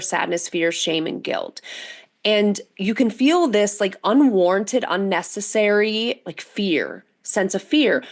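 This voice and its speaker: A woman in her forties, a podcast guest speaking in earnest, with lively storytelling and frequent restarts. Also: mid-range voice. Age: 40s. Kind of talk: interview conversation.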